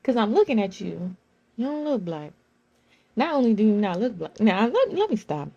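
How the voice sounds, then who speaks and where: A young woman from California speaks in a high, Valley-girl-like voice. She tells stories in a loose, animated way, slipping into the voices of the people she quotes. The audio is slightly dull and lo-fi. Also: normal speed. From Southern California. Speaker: vlogger. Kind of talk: casual monologue.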